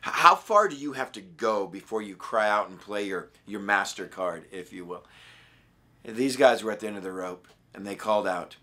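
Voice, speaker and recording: A pastor with a raspy voice talks through a short devotional in an earnest, conversational way. His tone is bright and forward. He reads scripture with emphasis. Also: on the low side, animated, normal speed. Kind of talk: daily devotional Bible study.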